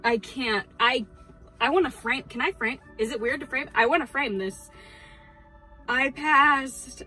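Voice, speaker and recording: Chatty young woman vlogging, excitable. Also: fairly high pitch, normal speed, husky, faint music behind, rough recording. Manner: excitable and chatty, with many fillers and restarts. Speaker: teacher vlogger. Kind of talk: casual vlog chat.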